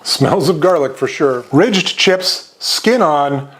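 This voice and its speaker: A man's voice: fairly high pitch, lively intonation, takes it slowly, a bit bright. A man hosting a snack review show, tasting and describing chips in an upbeat, enthusiastic way with frequent fillers. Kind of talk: casual food review.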